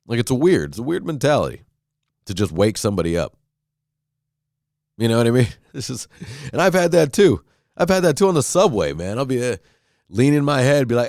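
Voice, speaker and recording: A man's voice: mid-range voice, very animated, moderate pace, pauses often, no room sound, studio quality. A man hosting his own podcast, delivering a casual solo rant that rambles, swears freely and acts out little quoted exchanges. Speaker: podcast host.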